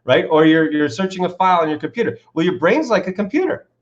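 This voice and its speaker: An enthusiastic man being interviewed, with a slightly high voice. He tells animated stories and asks rhetorical questions. The audio is dull and lo-fi, like a call recording. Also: fast, background noise. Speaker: author and coach, interview guest.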